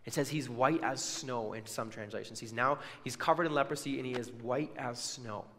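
Heard in a large hall, this preacher speaks at a moderate pace in a mid-range, fairly bright voice. His sermon unfolds as a story, with the people's words acted out and casual asides mixed in.

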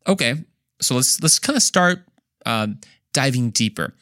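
A man's voice: medium pitch, big pitch swings, normal speed, a bit bright, no echo. Male podcast Bible teacher: earnest, emphatic, self-mocking asides, dry close sound. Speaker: Bible study podcast host.

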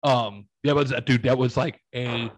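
A man's voice: mid-range voice, steady tone, a little slow, no echo, poor audio. A man in his thirties hosting a casual chat, telling stories with lots of swearing and acting out the people he quotes. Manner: profane, storytelling, acts out quoted voices. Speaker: podcast host.

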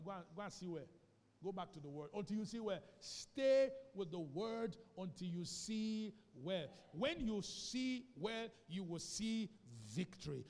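High-voiced Nigerian pastor preaching. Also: male voice, a little mellow, long reverb tail. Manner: call-and-response, emphatic repetition. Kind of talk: sermon. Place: church sanctuary.

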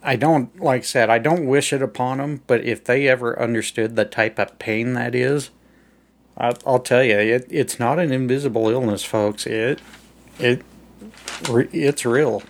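A man's voice: mid-range voice, fairly even intonation, moderate pace. A man hosting a casual wrestling podcast, joking and rambling as he talks. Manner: joking, rambling, laughs often. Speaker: podcast host. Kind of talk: casual chat.

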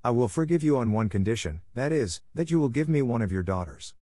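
A man's voice: mid-range voice, lively intonation, fairly quick, mellow, dry recording, clean studio sound, close to an everyday voice. A man voicing an angry, stern male beast who rules a palace, speaking in a grim, commanding way in an audiobook reading.

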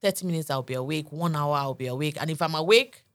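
Woman, 30s, podcast co-host, animated storyteller, lowish voice. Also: fast talker. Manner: lively storyteller acting out quoted dialogue. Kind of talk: casual storytelling chat.

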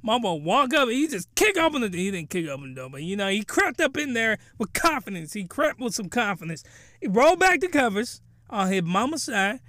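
A man giving a crude, rambling comedic recap of a show in an animated way. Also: high-pitched, a little fast, no echo, clean studio sound.

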